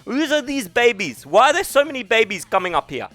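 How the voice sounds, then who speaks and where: A man's voice: very high voice, sing-song, a little fast, dry recording, soft background music, voice pushed up, heavily acted. A man putting on a South African accent to voice a crude, angry man ranting at rocks. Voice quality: loud, profane ranting.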